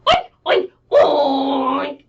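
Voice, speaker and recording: A woman's voice: sits high, big pitch swings, exaggerated voice. Woman doing a puppy mooing and oinking. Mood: silly. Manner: loud, drawn-out animal sounds. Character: eager male puppy making wrong animal noises. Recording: distant muffled mic with faint hiss.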